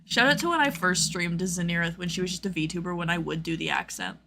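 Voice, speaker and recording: A woman's voice: fairly low pitch, fast, background noise. A young woman streaming, chatting casually with lots of fillers and acted-out quotes. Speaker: streamer host.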